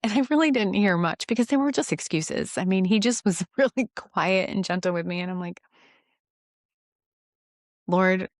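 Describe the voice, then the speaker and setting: A woman giving a rambling, earnest faith testimony, self-deprecating and quick to laugh at herself. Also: medium pitch, lively intonation, dry recording, studio quality. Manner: halting restarts when emotional. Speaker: Christian devotional vlogger.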